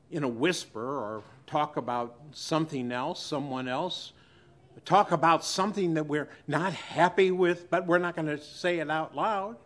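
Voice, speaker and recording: A male pastor with a slightly high voice preaches a sermon to his congregation. He uses dramatic pauses and shifts between loud and hushed delivery.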